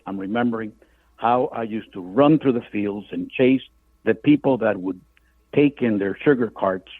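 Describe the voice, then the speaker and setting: An older man from Cuba tells a vivid story as an author guest, slipping into voices for the people he quotes. His voice sits low and husky. He comes through a thin, phone-like line. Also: no room sound. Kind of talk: storytelling in a radio interview.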